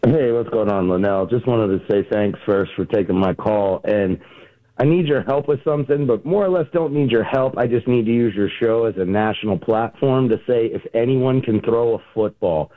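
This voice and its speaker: A man's voice: fairly low pitch, normal speed. A man calling into a sports radio show, speaking in a wry, exasperated way. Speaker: caller. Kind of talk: phone-in call. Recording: tinny phone line.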